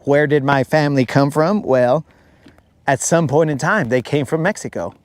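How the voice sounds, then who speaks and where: A man's voice: a little high, dry recording. A man from the United States hosting a fishing livestream, chatting casually with viewers in a rambling, joking way. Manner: rambling, joking, drawn-out teasing. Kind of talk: casual chat reading live comments.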